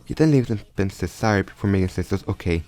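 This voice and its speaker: A man's voice: sits low, expressive, fast, a little mellow. A man casually improvising a story aloud, often stumbling and restarting his sentences. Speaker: storyteller retelling a fan crossover story. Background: faint background music.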